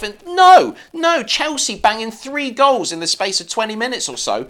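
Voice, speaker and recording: A man's voice: high voice, very animated, normal speed, few pauses, fairly bright tone. A young man co-hosting a football podcast in casual, jokey chat. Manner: jokey, laughing, slangy. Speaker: podcast co-host.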